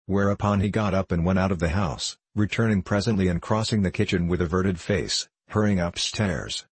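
A male audiobook narrator reading a novel in a steady, measured way. His voice is low and a little husky, and the recording is dry and close, with no room sound. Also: no room sound.

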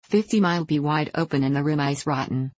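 A woman's voice: deep voice, fairly quick, darkish tone, dry recording. Woman doing an insistent frontier gambler. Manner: insistent, pressing.

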